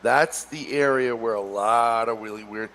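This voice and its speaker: A man telling a story on a podcast in a casual, animated way, acting out the people he quotes. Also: unhurried, a little hiss or hum. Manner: animated, acts out quotes with rising pitch. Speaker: podcast co-host.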